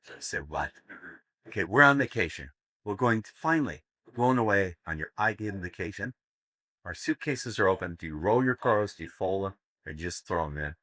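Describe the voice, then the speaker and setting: Before an audience in a seminar room, a man gives a live talk, telling crude jokes as stories and laughing at his own punchlines. His voice is low, bright, and forceful, with lively intonation at a moderate pace, recorded dry with clean studio sound.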